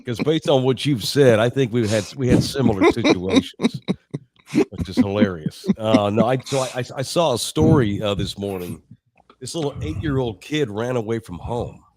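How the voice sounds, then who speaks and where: A middle-aged man from Texas, co-hosting a sports podcast, telling childhood stories in a profane, animated, laughing way. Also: mid-range voice, moderate pace, slight background noise. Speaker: sports radio co-host. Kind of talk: casual podcast storytelling.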